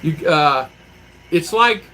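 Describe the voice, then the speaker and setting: A man's voice: fairly high pitch, lively intonation, slow pace, sharp tone, a little hiss or hum, low-quality recording. A man chatting casually on a livestream, reading out chat comments and rambling through stories with acted-out quotes. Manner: rambling storyteller who acts out quotes. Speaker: vlogger living abroad, reading live chat.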